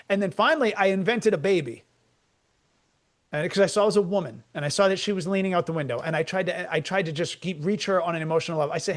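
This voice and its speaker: High-pitched guy co-hosting, rambling deadpan comedy bits. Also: fast. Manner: rambling, absurd deadpan riffing. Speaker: comedian co-host. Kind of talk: comic storytelling chat.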